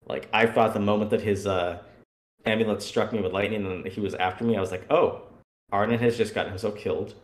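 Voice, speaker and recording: Animated man retelling game stories in an echoey room. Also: fairly low pitch, a little fast. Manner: animated storyteller acting out scenes. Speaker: guest player. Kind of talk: casual podcast chat.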